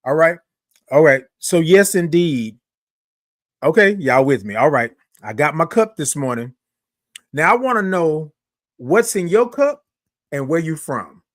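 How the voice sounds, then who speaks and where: A man's voice: fairly high pitch, very animated, a little slow, long pauses, dry recording, clean studio sound. A man hosting a casual morning livestream, chatty and upbeat, greeting viewers by name and stretching out his good mornings. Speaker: livestream host. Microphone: microphone close to face.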